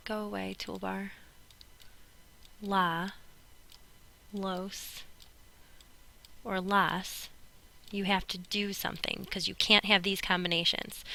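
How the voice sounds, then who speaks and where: Teacher lady going over spanish grammar notes, bright voice with a bit of fry, patient and a little jokey. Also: fairly low pitch. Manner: clear, patient explaining with playful asides. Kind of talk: recorded classroom lecture notes.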